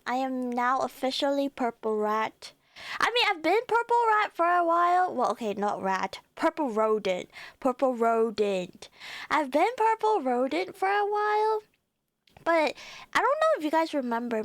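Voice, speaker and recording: A bubbly young woman chats with her stream audience in a high voice. She takes her time and often breaks into squeals and giggles. Her voice sounds dry and close, with no room around it. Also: no echo. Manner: bubbly, giggly, squeals with excitement and greets chat. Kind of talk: casual live-stream chat.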